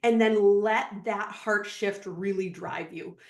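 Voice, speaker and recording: A woman in her thirties from Minnesota, a podcast guest telling her story in an animated, laughing way. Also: mid-range voice, slow. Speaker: podcast guest, real estate agent. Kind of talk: casual storytelling interview. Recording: roomy echo.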